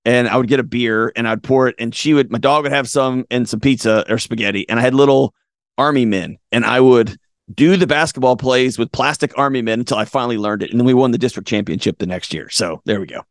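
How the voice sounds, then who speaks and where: A man's voice: medium pitch, fast talker, no echo, studio quality. A middle-aged man telling a story on a podcast, acting out voices and laughing at himself. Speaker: podcast guest. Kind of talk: animated storytelling in conversation.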